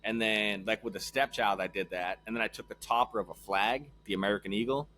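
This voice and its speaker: A man's voice: on the low side, brisk, sharp tone. A man co-hosting a podcast in casual chat, laid back, with frequent ums and casual swearing.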